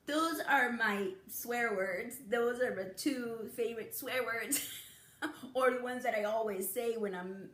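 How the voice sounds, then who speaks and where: In an echoey room, a fifties-aged beauty vlogger tells casual, animated stories to the camera, chatty and full of giggles. Her voice sits on the high side and moves a little slowly.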